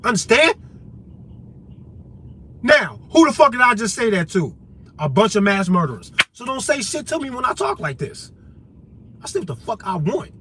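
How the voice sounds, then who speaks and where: A man's voice: high-pitched, big pitch swings, fairly quick, fairly bright tone, slight background noise. Heated, confrontational man ranting. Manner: profane, confrontational, heated, addresses listeners directly. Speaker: vlogger. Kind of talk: unscripted monologue rant.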